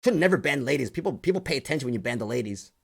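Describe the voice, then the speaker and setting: A man's voice: medium pitch, expressive, very fast, gravelly, slightly rough. A man doing a bossy, scolding boss.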